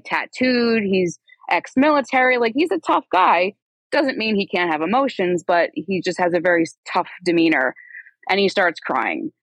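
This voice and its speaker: A woman's voice: on the low side, no echo, poor audio. A woman in her thirties, a podcast guest telling her own story in a conversational, rambling way with asides and self-corrections. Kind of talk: candid personal storytelling.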